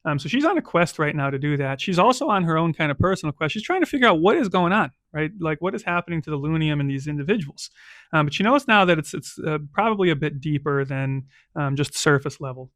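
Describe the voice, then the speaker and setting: A man's voice: fairly high pitch, lively intonation, fast talker, a bit bright, no echo, studio quality. A man narrating a solo tabletop game recap as game master, loose and conversational. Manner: loose, conversational, checks in with "right?".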